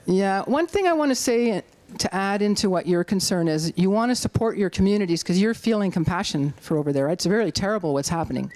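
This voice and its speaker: Animated woman rallying an audience, dry sound. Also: fairly quick, hardly any pauses, no echo. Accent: Canadian. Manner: animated, rallying, acts out quotes in a high voice. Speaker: activist speaker. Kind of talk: public talk to an audience. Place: community hall talk.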